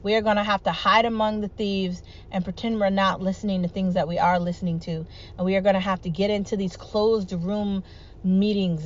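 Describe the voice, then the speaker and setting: A woman's voice: mid-range voice, muffled recording, slight background noise. A woman talking alone in an emphatic, repetitive, rallying way, swearing freely. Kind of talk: solo monologue vlog.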